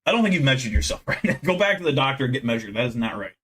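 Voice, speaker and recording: A man's voice: medium pitch, very animated, very fast, a bit bright. Casting: young American man, brash profane streamer, rambling brag. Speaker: livestream host. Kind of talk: casual livestream chat.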